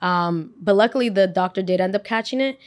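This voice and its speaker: A woman's voice: mid-range voice, brisk. A young woman with a mid-range voice tells a personal story to her listeners. She talks casually and with plenty of expression, and swears freely along the way. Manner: animated, expressive, with frequent swearing. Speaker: podcast host.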